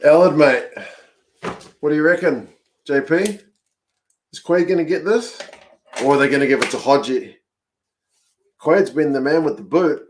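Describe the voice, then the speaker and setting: A man hosting a live rugby watch-along from home, commentating on the match, chatting with viewers, and yelling at the TV in excitement. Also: on the high side, normal speed, pauses often, slight background noise. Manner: excitable, yells at the screen, chats with viewers. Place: home, in front of a TV.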